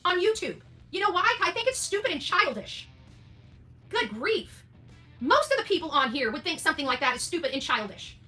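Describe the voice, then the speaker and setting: A woman in her forties ranting on a livestream, loud, emphatic and combative. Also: very high voice, very animated, normal speed, faint music behind. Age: 40s. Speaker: online streamer. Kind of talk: indignant livestream rant.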